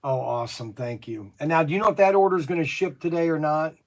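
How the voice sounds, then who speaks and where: A man's voice: on the high side, animated, fast talker. A man running a toy shop livestream, chatty and jokey while making a phone call.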